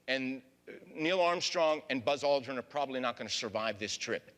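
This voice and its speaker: A man's voice: mid-range voice, expressive, brisk, a bit bright. A man giving a public history talk as a lecturer, folksy, often addressing the audience as folks. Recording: long hall reverb.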